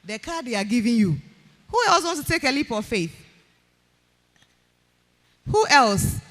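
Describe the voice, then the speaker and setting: A woman's voice: fairly high pitch, sing-song, unhurried, a bit bright. A woman with a Ghanaian accent hosting a live event, energetically coaxing people from the audience to come up, repeating her calls again and again. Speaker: event host. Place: live event hall with music playing. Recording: faint background music.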